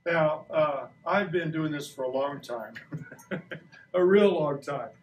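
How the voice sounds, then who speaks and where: Man, 60s, playful classroom science teacher; slightly high voice, roomy distant classroom sound. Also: takes it slowly, a little hiss or hum. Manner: playful, joking, asks kids questions. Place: school classroom. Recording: echoey classroom recorded from a distance.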